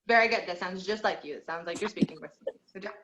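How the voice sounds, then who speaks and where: A woman's voice: fairly low pitch, quick pace, reverberant, muffled recording, crowd noise. A woman teaching an online group singing lesson, encouraging her students and counting through number drills. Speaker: vocal teacher.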